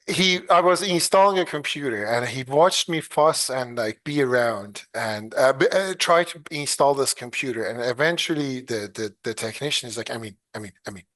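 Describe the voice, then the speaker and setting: A man's voice: medium pitch, fairly bright tone. A man talking casually as a podcast guest, hesitant, with many fillers and restarts, chuckling as he tells stories. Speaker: podcast guest, clean energy engineer. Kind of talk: casual interview talk.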